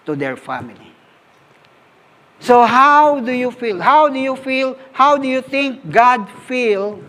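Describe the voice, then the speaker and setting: Filipino preacher, male, high voice, slow deliberate sermon delivery, repeats himself. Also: fairly bright tone. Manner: unhurried, repeats words as he speaks, switches into Tagalog; sings short worship lines while preaching.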